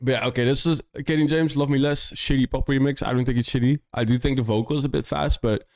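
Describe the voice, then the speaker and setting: A man's voice: mid-range voice, steady tone, quick pace, a little mellow, no room sound, clean studio sound. Young Dutch man chatting on stream. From Netherlands. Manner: rambling, full of "like" and restarts. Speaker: music producer streamer reviewing demos. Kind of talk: casual live-stream chat.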